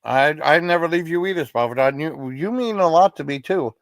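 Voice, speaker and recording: A man's voice: fairly high pitch, animated, a little fast, no echo. Dry, rambling male livestream host. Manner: rambling, apologetic, reassuring, full of restarts. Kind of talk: casual livestream chat with viewers.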